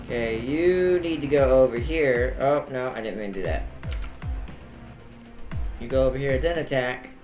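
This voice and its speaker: A man's voice: mid-range voice, moderate pace, pauses often, darkish tone, faint music behind. A man giving casual gameplay commentary as a streamer, chatty and laughing often while he reads game dialogue aloud. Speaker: let's play streamer. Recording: echoey room.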